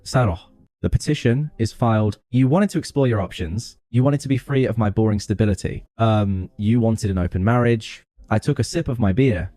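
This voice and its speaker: A man narrating a first-person story in a calm, even, scripted delivery. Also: fairly low pitch, normal speed, no room sound.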